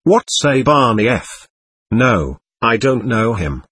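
A man's voice: mid-range voice, sing-song, slow pace, a bit bright, husky, dry recording, heavily acted. A man voicing an angry, loutish young clerk who keeps repeating himself. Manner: blustering and repetitive.

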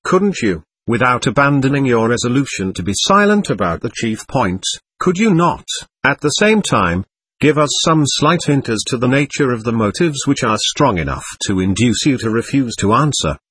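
A man reading the part of a nervous, formal male investigating lawyer in an audiobook, pitched a little higher than his narration. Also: big pitch swings, normal speed, fairly bright tone, husky, no room sound.

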